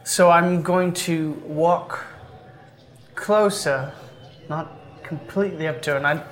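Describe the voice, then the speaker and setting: Man, tabletop player, slightly high voice, casual, hesitant. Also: slow pace, a bit bright. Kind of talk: playing a tabletop game.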